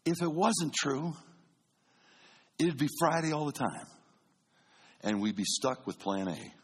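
Male pastor, husky tone, lively sermon storyteller who goes from quiet to loud. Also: unhurried. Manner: animated, swings between booming and hushed.

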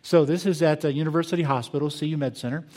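An older man preaching a sermon as pastor, earnest and reflective, moving between quiet pauses and emphatic bursts. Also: fairly high pitch. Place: church sanctuary. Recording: long hall reverb.

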